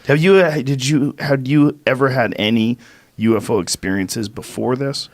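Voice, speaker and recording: A man's voice: medium pitch, normal speed, no echo. A man hosting a podcast, introducing his guest and asking direct questions in a casual way. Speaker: podcast host. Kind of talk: casual interview chat. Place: podcast studio.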